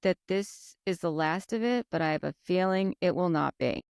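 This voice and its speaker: A woman co-hosting a podcast, chatting casually and recapping scenes with lively retold quotes. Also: on the low side, moderate pace, gravelly, smooth, dry recording, clean studio sound. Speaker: podcast co-host. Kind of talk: casual chat.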